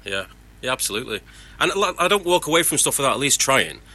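A man's voice: medium pitch, big pitch swings, fast talker, bright, forceful tone. A man who is a voice actor, talking candidly and earnestly about his work in casual chat.

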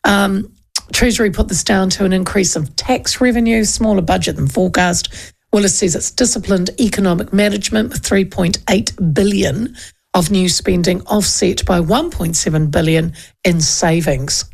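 A woman with a New Zealand accent hosts a talk radio show, chatting loosely with plenty of restarts. Her voice has a gravelly, creaky edge at a middle pitch. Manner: rambling, chatty, with many restarts. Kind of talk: casual talk radio chat and news rundown.

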